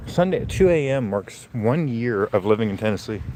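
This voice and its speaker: A man's voice: mid-range voice, expressive, brisk. Guy walking around in the snow at night talking to his phone, cold, chatty, bit of noise behind. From Central Florida. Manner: casual, rambling, talks to viewers. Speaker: vlogger. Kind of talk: live walking vlog. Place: outdoors on a snowy, windy night. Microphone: handheld phone.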